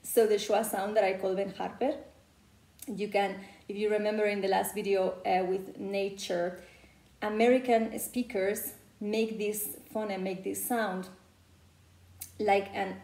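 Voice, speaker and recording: Casually teaching English pronunciation, this Spanish-accented woman from Spain chats loosely and leans on "you know" a lot. Her medium-pitched voice is level and darkish, a touch slow, and the room echoes.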